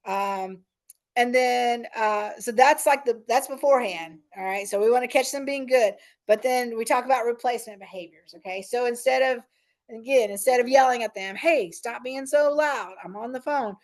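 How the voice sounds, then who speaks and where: Middle-aged woman, parent trainer at a recorded meeting, higher pitch, relaxed conversational delivery with fillers. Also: moderate pace. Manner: conversational, frequent "right?" and "um".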